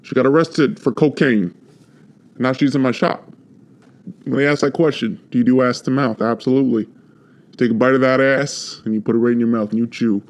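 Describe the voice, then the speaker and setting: A man's voice: mid-range voice, fairly even intonation, fairly quick, lightly acted. A man playing a sleazy butcher of human meat. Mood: pushy. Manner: casual, rambling salesman patter. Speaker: shopkeeper.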